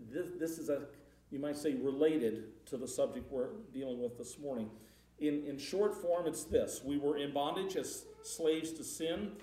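A man's voice: a little high, mellow. A man preaching a sermon in a conversational way, repeating words and rising into emphatic passages. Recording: roomy hall, far from the mic.

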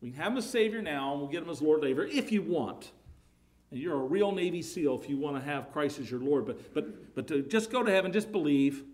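A man's voice: on the high side, lively intonation, brisk, darkish tone. A man preaching a sermon, emphatic, his voice rising and falling in volume, often repeating words.

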